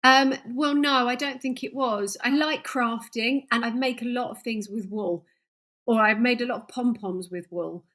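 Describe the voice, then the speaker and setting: A woman's voice: on the high side, normal speed, a bit bright. A woman chatting as a podcast guest, self-deprecating and laughing as she tells her stories. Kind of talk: casual chat.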